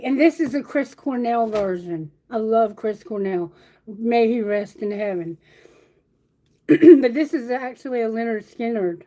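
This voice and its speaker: Here the woman doing tarot sounds a little high yet dark-toned, animated but measured in pace. She chats warmly with her livestream viewers and breaks into song lyrics on her own. The audio quality is low.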